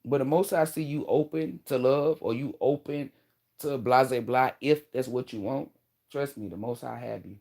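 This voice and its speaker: A woman in her thirties talks directly to her viewers in a casual advice monologue. Her delivery is blunt and animated, full of slang and casual swearing. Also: very deep voice, moderate pace. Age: 30s. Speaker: vlogger giving relationship advice.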